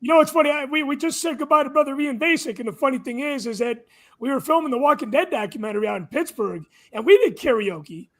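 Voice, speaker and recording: A man hosting a casual live-stream chat show, excitable and swearing freely. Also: extremely high pitch, fast talker. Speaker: host.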